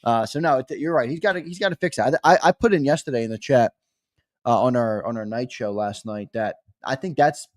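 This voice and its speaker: A man from the Philadelphia area hosting a casual sports talk show, joking and ribbing his guest in quick banter. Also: mid-range voice. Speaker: show host.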